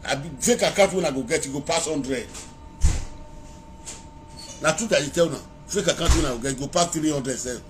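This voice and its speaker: A man's voice: fairly high pitch, fairly quick, long pauses, background noise. Rambling man with a Nigerian Pidgin accent. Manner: rambling, animated, breaks into chanted praise calls. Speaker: social media vlogger. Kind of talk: casual live-video monologue. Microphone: phone held to face.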